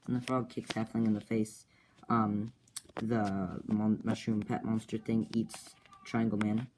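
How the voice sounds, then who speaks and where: A man's voice: fairly low pitch, little pitch movement, a little slow, a little mellow, low-quality recording. A man casually retelling an adventure story he made up, hesitant, with many ums and restarts. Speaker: comic creator retelling his story. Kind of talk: rambling casual story recap. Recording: clear background noise.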